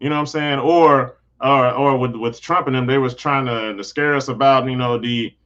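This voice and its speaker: A man's voice: mid-range voice, fairly even intonation, normal speed, fairly bright tone, lo-fi sound. A man hosting his own channel, talking earnestly in a casual livestream, rambling and restarting his sentences often. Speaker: channel host.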